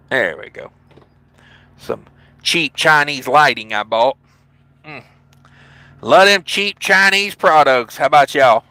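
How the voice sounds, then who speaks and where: A man's voice: on the high side, sharp tone, smooth, dry recording, low-quality recording. A man with a Southern accent from Tennessee, a trucker hosting a casual livestream from his truck cab, reading viewer comments with laid-back, jokey asides. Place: parked truck cab at a truck stop.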